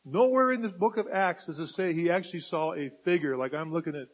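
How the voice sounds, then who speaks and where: A man preaching with a high, husky voice that swells into loud, emphatic bursts. The sound is dull and lo-fi, like a modest church recording. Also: fast. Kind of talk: sermon.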